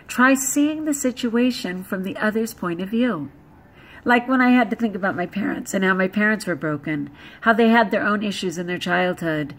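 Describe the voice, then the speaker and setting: Animated woman vlogger, blunt and jokey, somewhat high voice. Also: rough recording. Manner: animated, blunt and joking, with laughs. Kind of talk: casual vlog talk.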